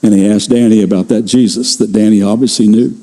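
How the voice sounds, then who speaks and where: An older man preaching a sermon as pastor, telling stories in a conversational way and slowing down to stress key phrases. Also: fairly low pitch, steady tone, warm tone, long reverb tail. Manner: conversational storytelling, slows for emphasis.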